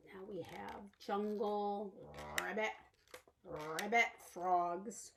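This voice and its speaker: A woman's voice: a little high, lively intonation, slow pace, bright, forceful tone. A woman reading picture books aloud to young children as a librarian, singing rhymes and acting out animal sounds in a sing-song way.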